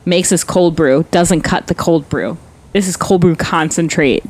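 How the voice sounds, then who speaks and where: A young woman co-hosting a casual chat, telling animated stories, swearing freely and acting out what people said. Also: lowish voice, a little slow. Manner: animated storyteller, swears freely, acts out quotes.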